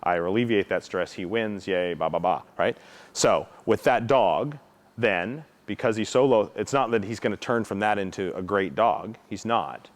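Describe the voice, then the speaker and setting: Speaking at a moderate pace in a fairly low voice, this man walks students through protection dog training in an easygoing teaching style. He checks in constantly with "right?" and mimics the dogs' reactions vocally.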